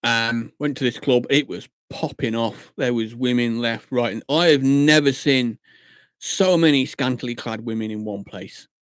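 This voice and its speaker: A man from Shropshire, England, chats casually on a live stream, swearing and laughing often. His medium-pitched voice is clear and resonant at normal speed, in clean studio sound with no echo.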